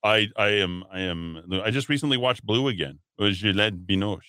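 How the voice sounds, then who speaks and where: A man's voice: on the low side, brisk, pushed and bright, smooth, dry recording. A man hosting a talk radio show in a studio, reading news headlines and wandering into rambling asides with lots of filler words. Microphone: studio microphone.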